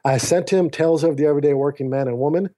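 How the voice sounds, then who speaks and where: With a slightly high voice, this fast-talking man appears as a podcast guest via a remote call mic. He retells a personal story in an earnest, animated way, voicing the dialogue himself.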